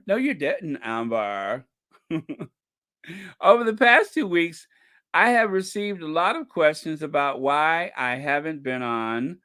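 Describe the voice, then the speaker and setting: A man's voice: fairly high pitch, bright, forceful tone, clear, resonant tone. A man hosting a commentary channel, talking casually to his viewers with frequent laughter and emphatic asides.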